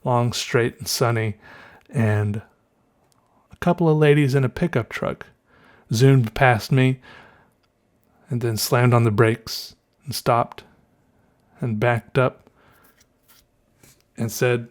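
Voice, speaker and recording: Southern US male podcast host, easygoing rambling monologue, mid-pitched voice, thinks aloud and corrects himself. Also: steady tone, takes it slowly, pauses often. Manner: rambling, musing, self-correcting, chuckles often. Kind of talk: casual solo podcast monologue.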